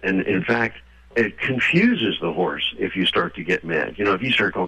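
Animated gravelly man telling stories. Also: on the low side, normal speed. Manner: animated, acts out quoted voices. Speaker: guest author. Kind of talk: conversational interview storytelling. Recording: dull lo-fi radio audio.

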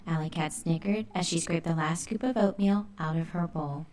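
A woman reads a children's storybook aloud with lively expression. Her voice sits a little low. The telling is clear and paced for young listeners. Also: moderate pace, few pauses. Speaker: narrator.

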